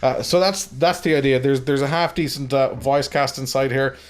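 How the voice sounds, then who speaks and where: A man's voice: medium pitch, normal speed. Rambling, joking male podcast host. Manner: rambling, joking, many fillers. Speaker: podcast host, film reviewer. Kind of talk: casual chat.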